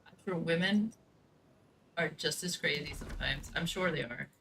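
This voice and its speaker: This woman's voice is low and creaky with a fairly bright tone, at a normal pace, and there's slight background noise. As a gaming streamer, she talks casually during play, telling anecdotes and performing the lines of the characters in them, with occasional swearing.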